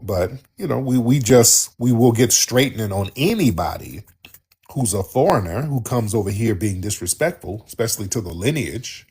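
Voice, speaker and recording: A man's voice: fairly low pitch, normal speed, slightly rough. A man hosting a call-in talk show, talking emphatically and repeating himself as he answers callers. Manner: emphatic, repetitive, animated on-air chatter. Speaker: radio show host taking callers.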